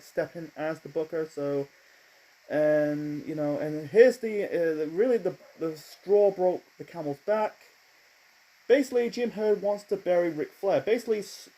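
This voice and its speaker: A man's voice: high-pitched, dark tone, rough recording. A man giving a rambling, casual spoken review, often correcting himself and swearing. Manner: rambling, self-correcting, profane. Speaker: wrestling reviewer.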